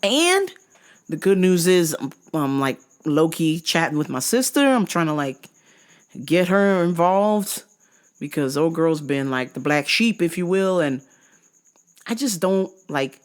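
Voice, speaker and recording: A woman from New Jersey telling a story in a casual vlog, animated and profane. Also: on the low side, unhurried. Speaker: vlogger.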